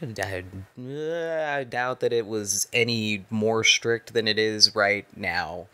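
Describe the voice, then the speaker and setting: A man's voice: lowish voice, slow pace, sharp tone, smooth. A man guest on a casual movie-review podcast, joking and explaining his points.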